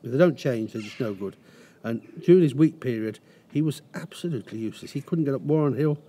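A man's voice: medium pitch, expressive, quick pace, warm tone, slightly rough. A middle-aged man, a racehorse trainer, telling rambling anecdotes in a casual interview. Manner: rambling anecdotes with restarts and acted quotes.

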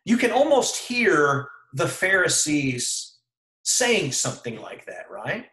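A man's voice: on the high side, very animated, slow pace, sharp tone, reverberant, poor audio. A man preaching an earnest sermon over a video call, calling his listeners brethren and putting questions to them. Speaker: preacher leading a devotion.

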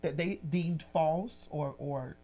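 Rich: A woman host with a fairly low voice, asking questions in a relaxed, casual interview. She circles her questions and stumbles over repeated words before getting them out. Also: slow pace. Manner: hesitant, repeats words while framing questions.

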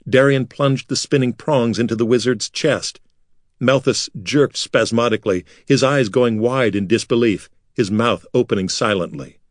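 A man narrating a fantasy audiobook in a measured, dramatic way. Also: lowish voice, no room sound, clean studio sound. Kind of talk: scripted narration.

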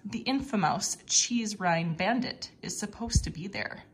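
A playful male mouse detective coaxes and teases in a husky voice, played by a woman reading a storybook aloud. He sounds fond and mischievous, always up to a prank. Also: mid-range voice, expressive, unhurried. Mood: teasing. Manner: teasing, coaxing.

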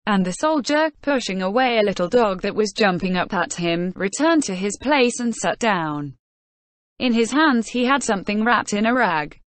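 Synthetic woman audiobook narrator, mid pitch, even measured read, dry close sound. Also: dry recording. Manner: even, measured reading that reads punctuation marks aloud.

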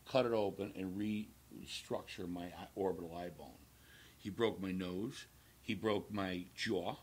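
A husky, low-voiced man in his sixties speaks as a talk show guest. He tells his own story with emphasis, circling back over his phrases. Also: fairly bright tone.

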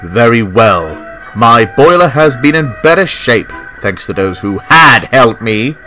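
A man voicing a proud, grumpy big male steam engine who talks in a gruff, huffy way. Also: mid-range voice, animated, unhurried, sharp tone, faint music behind. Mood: curt.

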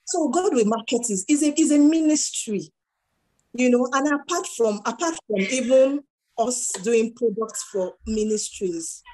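With a fairly high, unhurried voice and poor audio quality, a middle-aged Nigerian woman shares stories as an entrepreneur guest in a relaxed interview. She brings them to life by performing the dialogue.

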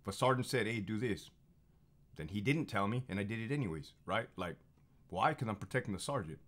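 A fired-up man in his thirties tells his stories in a blunt, profane monologue. He repeats phrases for emphasis. His pitch swings widely as he gets confrontational. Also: animated, fast, fairly bright tone. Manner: heated and confrontational. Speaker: former prison officer telling stories. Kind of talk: casual monologue storytelling.

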